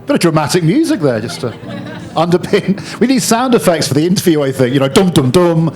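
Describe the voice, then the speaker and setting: Teasing male interviewer, slightly high voice. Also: very animated, fast, darkish tone, faint music behind. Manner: teasing, jokey, chatty. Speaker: interviewer, music journalist. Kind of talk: live stage interview. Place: festival chat tent before an audience.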